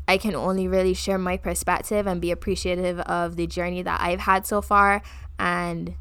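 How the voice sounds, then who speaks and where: A young adult woman from the Caribbean co-hosting a podcast, talking in a reflective, earnest way that often pauses mid-thought. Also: mid-range voice, a bit bright, smooth, dry recording. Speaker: podcast co-host. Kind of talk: casual chat.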